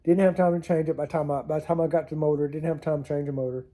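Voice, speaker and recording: A man races through funny stories to camera in a laid-back vlog, laughing at his own expense. His voice is fairly high and warm with a steady tone, captured by a camera mic on a tilting setup.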